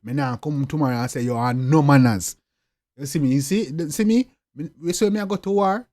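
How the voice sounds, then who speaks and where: A young man with a Jamaican accent talks in an interview, forceful and repetitive, his voice pitched a little high. His delivery keeps circling back and rising into loud, emphatic bursts. The sound is close and dry, with no room around it. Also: a little fast, no echo. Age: young adult. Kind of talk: interview talk.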